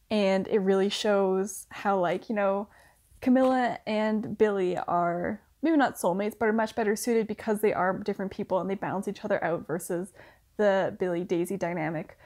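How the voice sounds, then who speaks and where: A woman's voice: medium pitch, unhurried, a little mellow. A young woman reviewing a TV series in casual chat, talking with lots of "like" fillers and small laughs. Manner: chatty, filler-heavy with frequent "like", laughing asides. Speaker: book reviewer.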